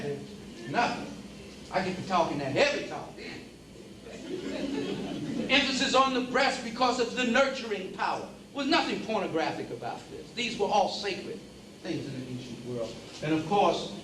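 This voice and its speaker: Preacher-style man with a high voice, emphatic and repetitive, recorded far off in an echoey hall, faint hiss. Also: a bit bright. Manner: emphatic, repeating phrases for emphasis; addresses the audience as brothers and sisters. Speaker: lecturer. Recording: roomy hall, speaker away from the mic, faint background hiss.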